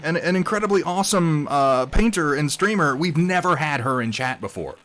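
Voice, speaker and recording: A little high and fairly bright, his voice is very animated, moving at a moderate pace. He's a live streamer painting as he talks, rambling casually, poking fun at himself, and reading chat names aloud to greet viewers over faint music.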